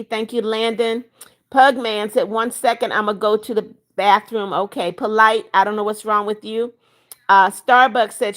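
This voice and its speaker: A seventy-one-year-old woman hosts a livestream, reading viewers' chat comments aloud and answering each person by name in a chatty way. Her voice is on the high side and a bit bright.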